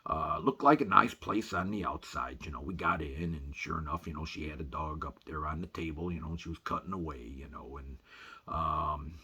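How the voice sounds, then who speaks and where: A man telling a rambling comic story in a folksy way, filling every pause with "you know", as a voice-over for photos. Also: extremely low pitch, sharp tone, breathy edge.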